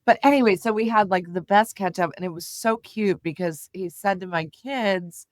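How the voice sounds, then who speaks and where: A middle-aged woman telling stories as an interview guest, animated and full of fillers. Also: mid-range voice, normal speed, no room sound. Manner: animated storyteller, many fillers and laughs. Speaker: guest, communications executive. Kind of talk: casual interview chat.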